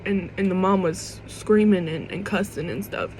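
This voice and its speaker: A young woman in her vlog speaks with a mid-pitched voice, earnest and halting. She keeps restarting and swears casually as she fights back tears. A faint hiss sits behind her voice. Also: darkish tone, poor audio. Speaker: vlogger. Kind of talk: emotional personal monologue to camera.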